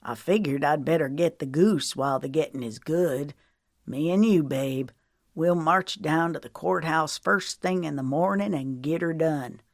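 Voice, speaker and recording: An older husband, remorseful yet teasing, who speaks with a slow, drawling earnestness, as a woman narrator puts him on. His voice sits low and unhurried, recorded close and dry. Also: no echo.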